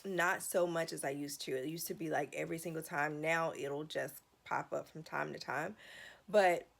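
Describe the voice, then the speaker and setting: A woman's voice: sits low, steady tone, moderate pace, vocal fry. A woman vlogger telling a personal story in a casual, emotional, rambling way, often restarting her sentences.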